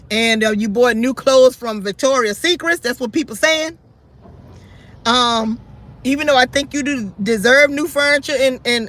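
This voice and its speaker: Blunt, scolding woman with a very high, bright voice. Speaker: YouTube channel host. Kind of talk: commentary vlog addressing other creators.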